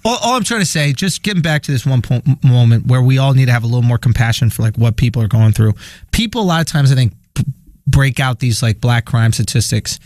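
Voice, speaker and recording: A man's voice: medium pitch, animated, fast, a little mellow, no echo, clean studio sound. A man co-hosting a podcast, making his points in a thoughtful, hesitant way with frequent restarts. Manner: thoughtful, hesitant, many "yeah" backchannels. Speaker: podcast co-host. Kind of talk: casual chat.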